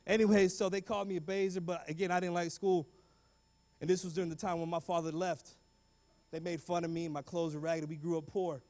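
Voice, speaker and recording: A man with a notably high voice gives a motivational talk to students, animated and full of street slang. He acts out other people's voices as he tells his story. The sound rings with the long echo of a big hall. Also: fast. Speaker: guest speaker.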